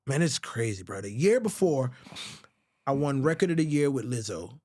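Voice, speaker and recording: A man's voice: medium pitch, big pitch swings, moderate pace, a little mellow. A middle-aged man from the Virgin Islands, a songwriter guest telling stories candidly and emotionally, swearing often and calling people bro. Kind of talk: casual storytelling interview.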